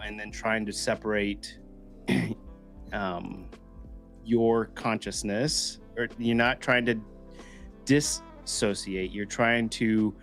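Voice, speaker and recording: A man hosting a casual recovery group chat, talking animatedly and acting out inner voices. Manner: animated, acts out inner voices with pitch jumps. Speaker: podcast host.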